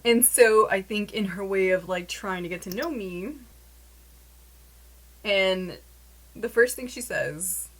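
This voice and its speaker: A young woman telling a story to her camera in a casual, animated way, with many "like" fillers. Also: mid-range voice, slow pace, pauses often, a little hiss or hum, poor audio. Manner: chatty, animated, lots of "like" fillers.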